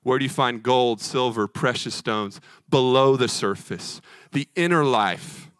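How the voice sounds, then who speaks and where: A man's voice: medium pitch, measured pace, fairly bright tone, smooth, no echo. A man preaching a sermon, earnest and emphatic with rhythmic repetition.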